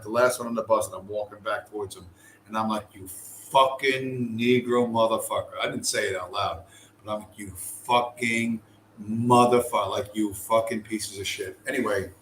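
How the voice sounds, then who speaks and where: A man's voice: mid-range voice, a bit bright, reverberant, slight background noise. A man vlogging to camera in a loose, rambling way, swearing often and full of fillers and restarts. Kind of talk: casual travel chat to camera. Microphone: camera mic.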